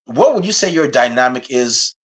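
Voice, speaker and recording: A man from Guyana hosting an interview podcast, chatting casually and getting animated as he jokes around. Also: mid-range voice, moderate pace. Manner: animated, laughing while putting on a playful accent. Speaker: podcast host.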